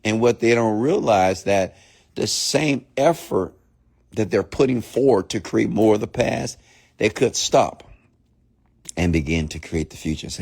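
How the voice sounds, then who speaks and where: A man's voice: lowish voice, expressive, a little slow, vocal fry, darkish tone, husky. Emphatic young male motivational speaker. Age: young adult. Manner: emphatic, preachy, repeats key points for effect. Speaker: motivational podcast host. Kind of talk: motivational monologue.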